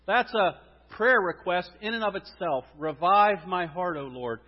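A man preaching a sermon and leading prayer in a church, swinging from loud declarations to hushed, quiet prayer. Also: sits high, animated, a little slow. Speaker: pastor. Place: church sanctuary. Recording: dull lo-fi sound with long hall reverb.

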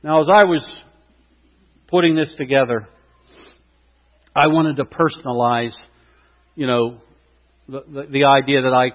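A man preaches a sermon in a slightly higher voice, building to impassioned, loud peaks on his key points. His voice rings with a long hall reverb. The recording sounds dull and lo-fi. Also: expressive, normal speed, pauses often. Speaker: pastor.

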